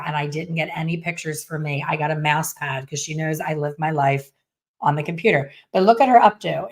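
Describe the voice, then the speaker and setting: A middle-aged woman, a hair colorist, telling a story to viewers in a blunt, animated way with some mild swearing. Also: sits low.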